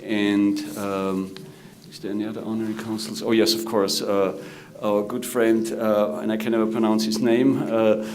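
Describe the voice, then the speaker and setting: A middle-aged man with an Austrian German accent who moderates a conference panel, introducing guests formally and pausing often with "uh". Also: fairly low pitch, little pitch movement. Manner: halting, many "uh" fillers. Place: conference room.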